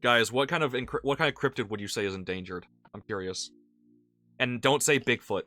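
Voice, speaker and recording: A man's voice: medium pitch, a little fast, sharp tone. A young man streaming a game, joking crudely with chat and laughing easily. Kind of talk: casual let's-play chat.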